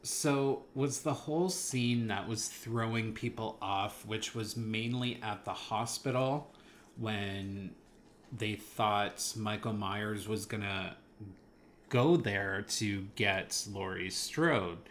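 Male co-host, unhurried and animated, mid pitch, faint ambient hiss; casual movie review chat. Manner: enthusiastic, rambling, laughs often.

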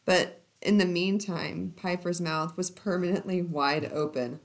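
A woman's voice: lowish voice, fairly even intonation, a little slow. A woman co-hosting a podcast, reading romance passages aloud with lots of giggling and side comments. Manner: giggly, breaks off into laughter and asides. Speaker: podcast co-host.

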